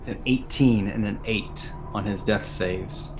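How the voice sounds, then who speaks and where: A man running a tabletop game as dungeon master, narrating in a measured storytelling way and briefly voicing characters. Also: lowish voice, music in the background.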